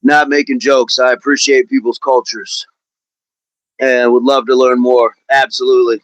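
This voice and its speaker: A man's voice: mid-range voice, little pitch movement, moderate pace, fairly bright tone, no room sound, rough recording. A man hosting a live workout stream, chatting upbeat with viewers and counting reps aloud. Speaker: fitness coach hosting a livestream.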